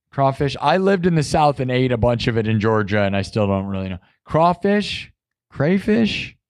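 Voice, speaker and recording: A man's voice: mid-range voice, a little mellow, dry recording, studio quality. A man hosting a live stream, chatting in a rambling, jokey way and talking straight to his chat. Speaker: live-stream host and musician.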